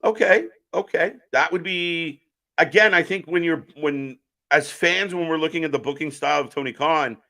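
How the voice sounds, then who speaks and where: Male stream host, bright, forward voice, loose chatty commentary while reading out chat. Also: a little high, normal speed. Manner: chatty, answers viewer chat while calling the action. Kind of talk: casual live wrestling watch-along commentary.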